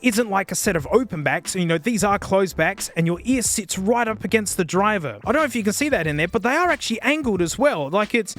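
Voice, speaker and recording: A man's voice: high-pitched, fairly quick, hardly any pauses. A man with an Australian accent giving a casual, slangy headphone review. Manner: chatty, slangy, excitable. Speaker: tech reviewer.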